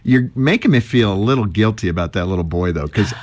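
A middle-aged male host from Southern California tells stories with a lot of animation and frequent laughter. His voice sits on the low side. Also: fast, a little hiss or hum. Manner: animated storyteller, laughs often. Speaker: radio host. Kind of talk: casual conversational interview.

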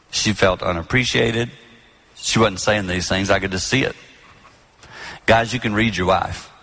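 A middle-aged man preaching a sermon on marriage, telling stories and acting out quotes with lively delivery. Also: mid-range voice. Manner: animated storytelling, acting out quotes. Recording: long reverb of a large hall.

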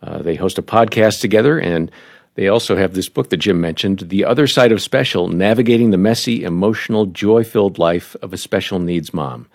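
A man introducing the show's guests in a measured, slightly halting way. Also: sits low, creaky, dry recording, clean studio sound. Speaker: show announcer.

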